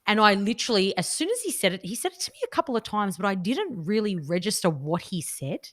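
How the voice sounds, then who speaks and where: A woman's voice: mid-range voice, big pitch swings, fast, fairly bright tone. A woman hosting a podcast, telling stories casually, laughing easily and quoting her young son. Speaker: podcast host.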